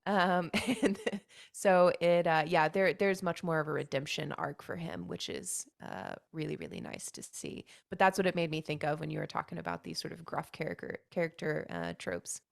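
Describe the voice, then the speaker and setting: A woman's voice: sits low, animated, moderate pace, gravelly. A woman guest in a casual chat who laughs easily and speaks wryly. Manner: laughs easily, wry and amused. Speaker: podcast guest.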